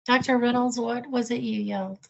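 A woman's voice: on the high side, fairly even intonation, a little fast, gravelly, highs cut off. A woman playing a tabletop game, speaking briefly and matter-of-factly. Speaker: player. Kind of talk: casual tabletop game talk. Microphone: online voice call.

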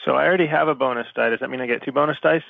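A man playing in a tabletop game, speaking quickly and matter-of-factly. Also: medium pitch, vocal fry, very noisy. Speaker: player. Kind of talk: casual tabletop play. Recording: tinny phone-like voice chat.

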